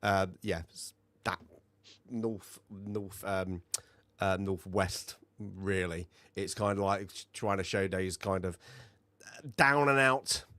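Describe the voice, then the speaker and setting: A man's voice: deep voice, slow, a bit bright, dry recording. A man co-hosting a film review show in casual, rambling chat, full of fillers and restarts.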